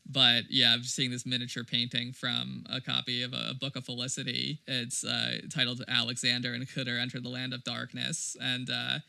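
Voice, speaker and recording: A man's voice: medium pitch, completely flat delivery, normal speed, creaky, few pauses, pushed and bright, clean tone, no room sound. A man co-hosting a podcast in casual chat, loose and heavy with "like" and "you know". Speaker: podcast co-host.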